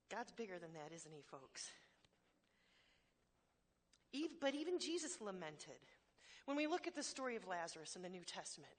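A woman's voice: mid-range voice, sing-song, normal speed, long pauses. Woman preaching a candid sermon. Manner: candid, self-deprecating humor with emphatic repetitions. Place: church hall before a congregation.

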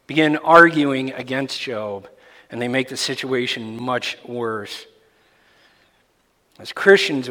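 Pastor guy preaching, slow and bright, long hall echo. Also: medium pitch. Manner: animated, jokey, mimics babble. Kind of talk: sermon.

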